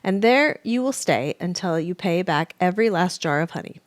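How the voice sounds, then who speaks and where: A woman doing a gruff rich bear lord. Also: on the low side, expressive, normal speed, no room sound, natural voice. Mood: calm. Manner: gruff, commanding. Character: wealthy, stern old male bear lord.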